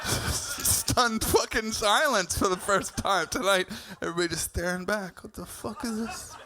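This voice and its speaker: A man's voice: high voice, bright, forceful tone, slight background noise. A man from Canada doing a live stand-up set in a comedy club, swearing freely and telling stories with exasperation. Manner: profane, exasperated storytelling.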